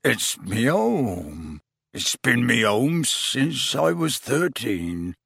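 Man voicing a big gruff rustic giant, slow and low, husky, audiobook. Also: sing-song, sharp tone, dry recording, studio quality, full character voice. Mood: tearful. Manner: rustic dialect, slow and tearful. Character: huge grieving gruff half-giant groundskeeper.

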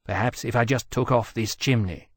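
A man voicing a large, earnest male dragon who speaks slowly and hesitantly in an audiobook. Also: mid-range voice, no room sound, lightly acted. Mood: uncertain.

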